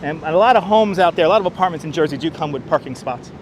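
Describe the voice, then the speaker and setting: A man's voice: a little high, expressive, quick pace, dull audio, slight background noise. A man hosting a casual walking livestream outdoors, sarcastic and chatty, greeting viewers by name into a clip-on mic. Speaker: livestream host. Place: outdoors on a city street. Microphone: wireless clip-on mic.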